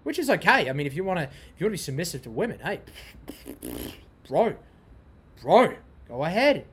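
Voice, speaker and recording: Quick and husky, this young podcast host's voice is a little high and fairly bright, with big swings in pitch. His casual monologue rambles loosely, full of profanity, repeating itself and drifting into tangents.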